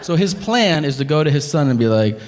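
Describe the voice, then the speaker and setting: Man, stand-up comedian, animated, profane, lively delivery, long hall reverb, faint ambience. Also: fairly high pitch, brisk, noisy background. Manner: animated, profane, acts out others with grunts and flat voices. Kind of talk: stand-up storytelling. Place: comedy stage before a live audience.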